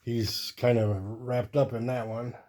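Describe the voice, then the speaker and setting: An easygoing man hosts his own channel, leafing through a pile of comics in a casual show-and-tell. His medium-pitched voice is warm and mellow, and he speaks unhurriedly, thinking aloud and rambling from one aside to the next.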